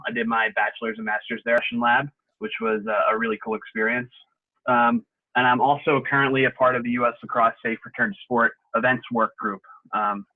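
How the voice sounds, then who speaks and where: A young adult man giving a relaxed, explanatory safety talk over a video call, with frequent fillers. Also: mid-range voice. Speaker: sports medicine presenter. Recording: tinny phone-like call audio.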